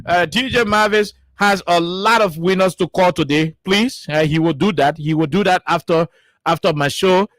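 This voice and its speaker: Man, radio call-in host, high-pitched, brisk, dry studio mic. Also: fairly bright tone, no room sound. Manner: brisk, greets callers as brother. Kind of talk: call-in talk show hosting.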